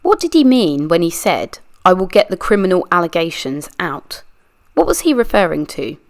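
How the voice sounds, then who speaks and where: A woman on the low side of the pitch range reads with a sing-song quality at a moderate pace, acting as a pressing, methodical lawyer. She reads for a true crime channel, reenacting a deposition where a persistent adult lawyer questions a witness.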